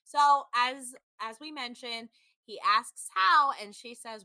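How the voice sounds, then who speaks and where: A woman's voice: a little high, slow pace, dry recording. A woman in her thirties chatting casually as a podcast co-host, telling stories animatedly, packed with "like" and acted-out quotes. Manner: animated storytelling, frequent "like", acts out quotes. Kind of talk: casual chat recapping a reality show.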